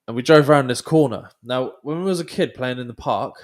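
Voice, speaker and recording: A man's voice: mid-range voice, brisk. Sweary twenty-something man telling stories. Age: 20s. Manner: animated storyteller, swears often. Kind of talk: casual chat.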